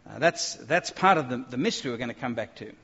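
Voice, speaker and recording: A man's voice: medium pitch, animated, quick pace, fairly bright tone, husky. Man preaching in a reverberant hall. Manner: emphatic, stumbling restarts, reads scripture aloud. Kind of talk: sermon. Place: room with an audience. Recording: dull lo-fi recording with long reverb in a hall.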